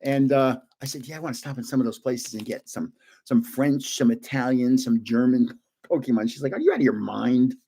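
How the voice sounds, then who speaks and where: An older man casually opening trading cards on a live stream, chatty and excitable, guessing aloud and laughing often. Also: mid-range voice, moderate pace, husky. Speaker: card-opening vlogger.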